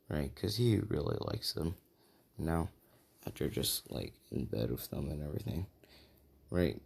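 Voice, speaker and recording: A man's voice: a bass voice, very animated, measured pace, gravelly, pauses often, darkish tone, slightly rough. A man casually telling a fan-fiction story, rambling and checking in with the listener.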